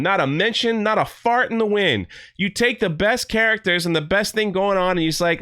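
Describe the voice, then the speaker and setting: A man's voice: high voice, sharp tone, clean tone, dry recording, clean studio sound. A man reviewing a TV show in a casual vlog, sarcastic and mocking.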